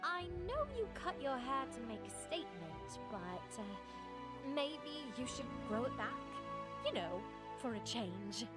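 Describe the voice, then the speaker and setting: A woman voicing a wry adult female adventurer in a dark fantasy game, with a dry, teasing delivery. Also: a little high, big pitch swings, a little slow. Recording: game audio under loud music.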